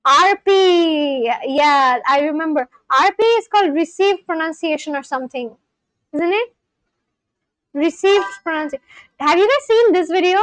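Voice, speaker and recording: A woman's voice: extremely high pitch, normal speed, dry recording, poor audio. A woman casually rambling on a livestream, reading out viewer comments and answering them. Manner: rambling, reads chat aloud and answers it. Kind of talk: casual live-stream chat.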